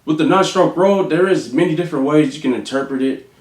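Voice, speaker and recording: A man teaching drum rudiments, calling out stickings and counting beats aloud slowly. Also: on the high side, soft background music. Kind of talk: instructional demonstration. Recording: echoey room with faint noise.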